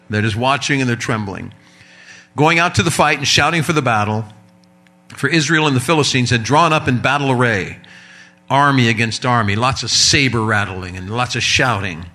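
A male pastor in the middle of a sermon, reading the story aloud and breaking off for playful asides to the congregation. His voice is bright and forward, at an ordinary male pitch, and his delivery is lively. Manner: animated storytelling with humorous asides.

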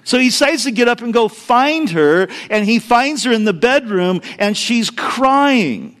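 A man's voice: very high-pitched, unhurried. A middle-aged man, a pastor, giving a sermon with humorous stories, speaking directly to the congregation and acting out the voices in his anecdotes. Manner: animated storytelling, acts out quoted voices, addresses the congregation directly.

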